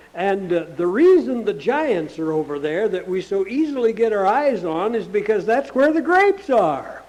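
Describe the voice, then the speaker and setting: A man's voice: sits high, darkish tone, rough recording. A male pastor preaching a sermon in a plain, earnest, conversational way, often asking the listeners rhetorical questions.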